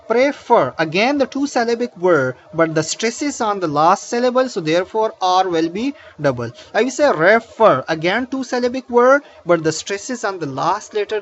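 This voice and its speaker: A man teaching a grammar lesson, explaining slowly with many fillers and restarts. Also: high voice, fairly bright tone, muffled recording. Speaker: English teacher.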